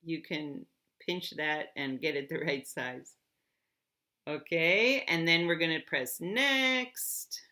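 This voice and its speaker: A woman teacher walking students through an app step by step, clear and encouraging. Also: low-pitched, slow pace, pushed and bright.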